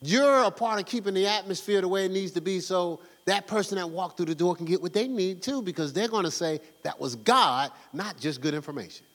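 A man's voice: high-pitched, a little fast, few pauses, big-room sound. A male pastor preaching a sermon in a fervent, conversational, slangy way, exhorting his congregation.

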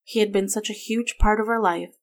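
A woman narrating a story in a steady, even reading voice. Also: mid-range voice, fairly quick.

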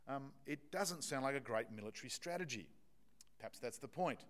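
A man's voice: mid-range voice, expressive, a little fast, fairly bright tone. A man preaching a sermon to his congregation, talking in a conversational, emphatic way with frequent restarts and fillers.

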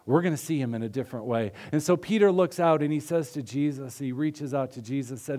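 A man preaching a sermon in an earnest, conversational way, often dropping his voice softly. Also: mid-range voice, a little fast, hardly any pauses. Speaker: pastor.

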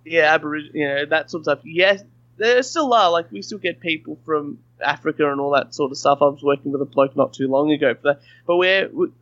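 A man's voice: fairly high pitch, brisk, a bit bright, no room sound, lo-fi sound. A man with an Australian accent chatting as a podcast guest, rambling with frequent restarts. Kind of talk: casual chat.

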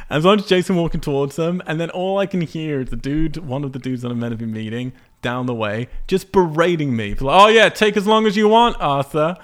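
A man chatting casually on a podcast, telling frustrated stories with lots of swearing and acted-out exclamations. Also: mid-range voice. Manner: animated storyteller, swears freely, acts out frustration. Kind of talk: casual podcast chat about a video game.

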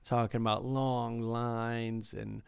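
A man's voice: medium pitch, little pitch movement, creaky, smooth. A man hosting a casual chat show who rambles and halts with frequent restarts. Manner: rambling, halting, many restarts and fillers. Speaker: podcast host. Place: Las Vegas.

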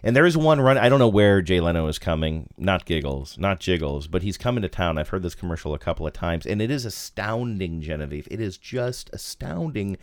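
A man co-hosting a casual chat show, animated and self-mocking. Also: a little fast, few pauses, no echo, clean studio sound. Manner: animated, self-mocking, bursts into silly high impressions. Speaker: podcast co-host.

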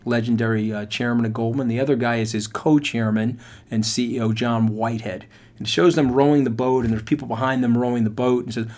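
A middle-aged man hosting a podcast, telling a motivational story in an animated, emphatic way and speaking straight to listeners. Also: mid-range voice. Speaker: podcast host.

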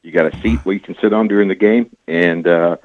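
A man with a very low voice calls in to a radio show, folksy and eager as he talks up his products. The sound is thin and tinny like a phone line, and it stays dry with no room echo. He speaks in a relaxed, homespun way with plenty of filler words. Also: fast. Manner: folksy, enthusiastic salesman talk. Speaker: radio guest, cooler business owner. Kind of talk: casual phone-in chat.

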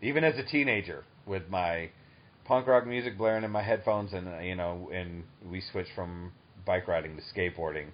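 A man in his thirties hosts a relaxed interview and talks eagerly, laughing often. His voice sits low, and the recording has a muffled, lo-fi sound. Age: 30s. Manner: enthusiastic and chatty, quick to laugh. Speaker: podcast host. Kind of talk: casual interview chat. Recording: dull lo-fi recording.

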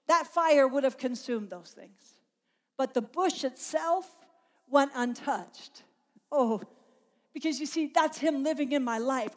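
Female preacher, high-pitched, passionate sermon with emphatic repetition. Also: darkish tone.

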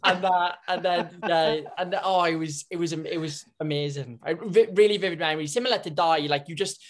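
A man, an actor telling interview stories in a halting way with many restarts. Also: on the high side. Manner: hesitant, many restarts and fillers. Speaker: actor guest. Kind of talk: casual interview talk.

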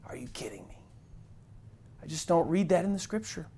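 A woman's voice: sits low, very animated, moderate pace, mellow, slightly rough. A woman giving an earnest online Bible teaching, indignant and emphatic, repeating words for stress.

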